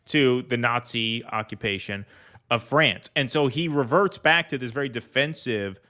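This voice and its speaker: A man's voice: medium pitch, normal speed, bright, forceful tone. A man co-hosting a political commentary stream, talking bluntly and combatively, with some swearing. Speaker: co-host.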